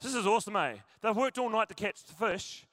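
A pastor preaches a sermon to his congregation at a church service in a high, bright voice. He keeps things brisk, jokey and chatty, constantly addressing the crowd. The sound is close and dry, without room echo.

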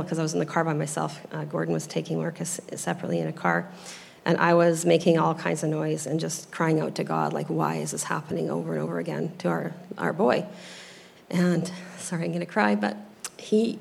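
A woman's voice: deep voice, creaky, breathy edge. A woman in her thirties telling a personal faith story in a casual chat, hesitant and full of ums, close to tears as she speaks. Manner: hesitant, with many ums, tearful when moved. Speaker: guest sharing a testimony.

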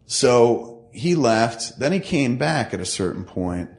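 A man's voice: medium pitch, sing-song, takes it slowly, a little mellow. A man casually telling a long, profane, rambling anecdote into a mic, acting out the other people in it. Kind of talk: casual storytelling chat. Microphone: studio mic.

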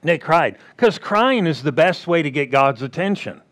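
A man preaching a sermon, acting out quoted voices and swinging between loud bursts and hushed asides. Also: on the high side, expressive, moderate pace.

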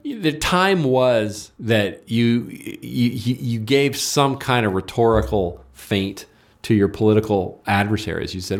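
A man's voice: on the low side, animated, unhurried. Argumentative man, interview guest. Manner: argumentative, acts out quoted dialogue. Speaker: guest writer. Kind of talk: political interview.

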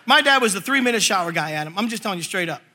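A man preaching a sermon, reading scripture slowly and telling animated stories with jokes. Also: sits high, a little hiss or hum. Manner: animated storytelling, jokes and voices; reads scripture slowly and forcefully. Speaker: pastor.

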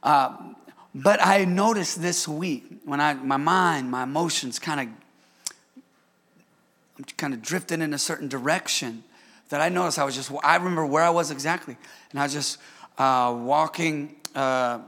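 A man's voice: fairly high pitch, moderate pace, a bit bright, in a large hall. A man preaching a sermon as pastor, emphatic, repeating himself and calling out to the congregation. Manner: emphatic preaching with repetitions and audience call-outs.

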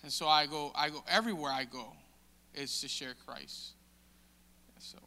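A man giving a casual, halting testimony in a sermon, with many restarts and fillers. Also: on the high side, gravelly, pushed and bright. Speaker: church member sharing testimony. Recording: long hall reverb.

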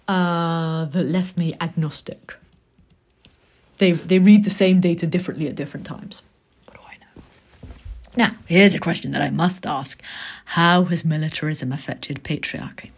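A woman with a fairly low voice talks through a book review. She is thoughtful and conversational, and she drops into soft muttered asides.

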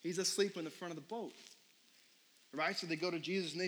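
A man's voice: on the high side, moderate pace, long pauses, a bit bright, poor audio. A young man preaching a sermon with a somewhat raised, light voice. He talks to the congregation as if chatting, dropping fillers and firing off questions. A faint hiss sits under the recording. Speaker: pastor.

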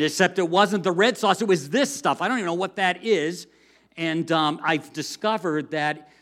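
A middle-aged man from the US, a pastor preaching a sermon in a conversational, animated storytelling way with self-deprecating humor. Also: fairly high pitch.

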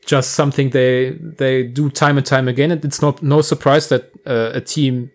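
A man's voice: medium pitch, little pitch movement, moderate pace, a little mellow. A man analyzing football tactics in a casual podcast discussion, explaining at length with occasional fillers.

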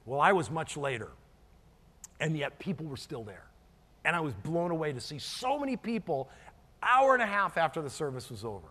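A man's voice: a little high, very animated, moderate pace, sharp tone, breathy edge, big-room sound. A middle-aged man preaching a sermon as pastor, earnest and storytelling, often restarting and repeating words.

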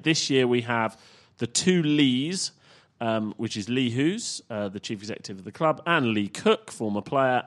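A man hosting a casual football fan podcast, chatty and full of ums as he runs through plugs and questions. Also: mid-range voice. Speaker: podcast host.

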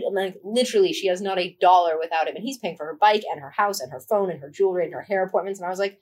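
Woman co-host, casual podcast chat, frank and animated, voice sits a little low. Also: rapid-fire, hardly any pauses. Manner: frank, animated storytelling with quoted asides.

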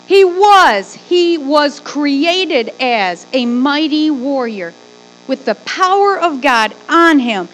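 A woman pastor preaching a sermon in a lively way, with joking asides. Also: very high-pitched, poor audio.

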